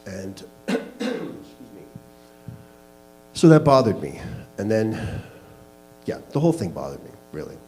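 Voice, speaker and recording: A man's voice: fairly low pitch, sing-song, a little slow, mellow, faint music behind, low-quality recording. A man telling a candid personal story to a live audience, laughing at himself as he goes. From Canada. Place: small live venue.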